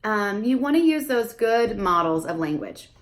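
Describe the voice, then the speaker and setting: A young adult woman, a speech therapist, explaining casually to camera and breaking into high sing-song questions as if to a toddler. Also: sing-song, moderate pace.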